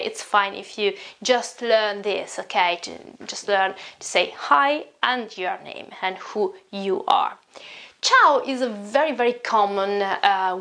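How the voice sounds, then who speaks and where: An Italian woman teaches a beginner language lesson in English with her Italian accent. She talks slowly and patiently, repeating words and checking in often. Her voice sits a little high. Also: fairly bright tone. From Italy.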